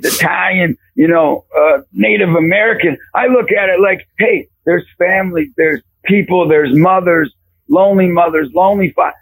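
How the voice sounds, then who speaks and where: A man's voice: high voice, vocal fry, fairly bright tone, husky, dry recording, rough recording. A middle-aged man, a preacher and youth basketball coach, telling a story in a faith conversation and acting out the voices in it with big jumps.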